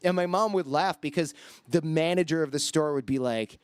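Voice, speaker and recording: A man's voice: a little high, normal speed, clean tone, no echo. A man in his forties, a podcast guest, chatting casually and acting out the people in his stories. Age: 40s. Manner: storytelling, acts out quoted voices. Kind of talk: casual chat.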